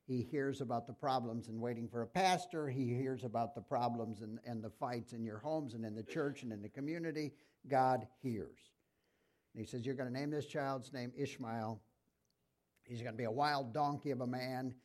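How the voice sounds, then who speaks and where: A man's voice: medium pitch, moderate pace, a little mellow. A middle-aged man preaching a sermon in a conversational way, asking his congregation questions.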